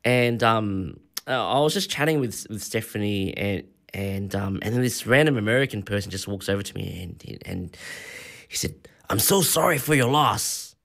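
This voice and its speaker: A man's voice: on the low side, normal speed, vocal fry, a bit bright. An Australian man in his forties, a radio host telling rambling travel stories in a casual on-air monologue. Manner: rambling anecdotal storytelling.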